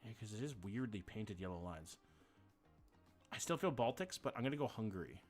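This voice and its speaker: A man's voice: lowish voice, expressive, fairly quick, soft background music. Chatty male streamer thinking aloud. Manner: chatty, thinks aloud, swears, greets viewers. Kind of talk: casual live-stream chat while playing.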